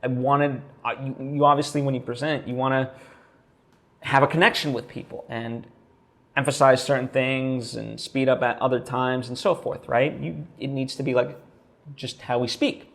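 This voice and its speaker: A man's voice: mid-range voice, steady tone, normal speed, gravelly. A man talking straight to camera in a casual vlog, thinking aloud with lots of fillers and restarts. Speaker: vlogger.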